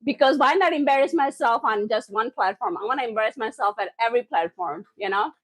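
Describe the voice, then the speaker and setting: A woman hosting a live cooking stream from her home kitchen, excitable and loud, often laughing at herself as she chats with viewers. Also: on the high side, fast talker, no echo.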